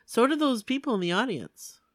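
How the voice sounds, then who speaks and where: A woman chatting casually with a friend, agreeable and full of "like" fillers and quick yeps. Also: fairly high pitch, very animated, dry recording, studio quality. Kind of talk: casual chat.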